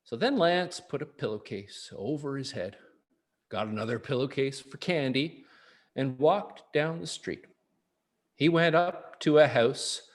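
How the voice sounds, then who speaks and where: A man's voice: mid-range voice, a little slow. A man reading a picture book aloud to young children, with chuckling asides. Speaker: early-years program reader.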